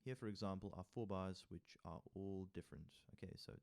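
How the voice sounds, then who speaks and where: Male music theory tutor, low voice, mixes reading aloud with casual remarks and counts rhythms out. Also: fairly even intonation, a little fast, gravelly, a little mellow. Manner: reads text aloud, then adds casual asides and taps rhythms with sung syllables. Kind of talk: tutorial walkthrough reading from a workbook.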